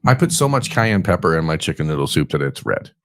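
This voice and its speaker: Brief: male podcast co-host, very low voice, easygoing and chatty, close and dry. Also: sing-song, fast, fairly bright tone, no echo. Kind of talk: casual chat.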